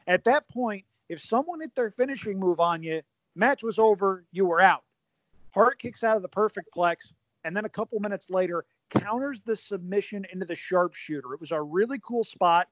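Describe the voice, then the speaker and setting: Man, high-pitched, dry close sound, casual chat, enthusiastic storyteller. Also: expressive, moderate pace, fairly bright tone, no echo.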